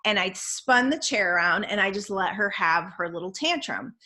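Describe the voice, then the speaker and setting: Bright-voiced animated woman host. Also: mid-range voice, moderate pace. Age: middle-aged. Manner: animated, emphatic storytelling. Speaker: podcast co-host. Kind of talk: casual chat.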